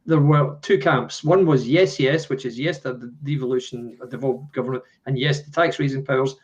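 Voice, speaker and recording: A man's voice: medium pitch, a little fast, dull audio. A man co-hosting a live political talk show, who explains things and agrees readily. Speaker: co-host.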